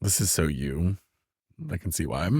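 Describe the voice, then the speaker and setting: A man's voice: rumbling low, moderate pace, a little mellow, husky, no echo. A man co-hosting a podcast in casual chat, teasing with dry sarcasm. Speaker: podcast co-host.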